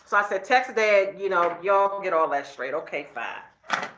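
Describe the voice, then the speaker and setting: Talking to her viewers, a middle-aged vlogger relates a story chattily, sprinkling in okay tags and calling her audience girl and y'all. She speaks at medium pitch and a moderate pace over a noisy background. There's echo in the room and the sound is a bit dull.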